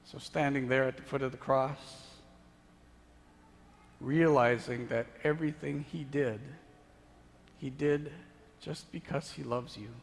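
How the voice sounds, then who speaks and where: A man preaches at an unhurried, deliberate pace in a church sanctuary, his mid-range voice trailing off into a long reverb. He builds to emphatic peaks, then drops to a hushed, intimate tone. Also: mid-range voice, steady tone, vocal fry, a little hiss or hum. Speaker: pastor. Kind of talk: sermon.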